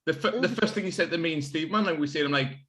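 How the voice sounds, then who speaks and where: A man in casual chat, talking quickly and enthusiastically. His voice is bright and a touch high. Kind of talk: casual chat over beers.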